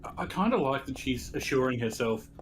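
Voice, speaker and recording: A soft-spoken man giving hedging, thoughtful side commentary on a video game. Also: mid-range voice, lively intonation, brisk, rough recording.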